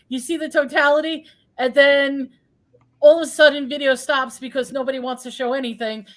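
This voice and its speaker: A woman with a high voice hosts a relaxed live online chat. She talks in an animated way and keeps posing questions. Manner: animated, questioning, puts on a cutesy sing-song for props. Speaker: host. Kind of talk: casual live-stream chat.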